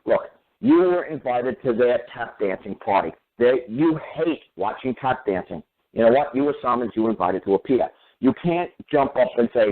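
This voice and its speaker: A man's voice: medium pitch, lively intonation, normal speed. A man calling into a talk radio show, telling stories and lecturing in an emphatic, repetitive way. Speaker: guest caller on talk radio. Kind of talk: talk radio storytelling and opinion. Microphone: phone. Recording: phone-line call.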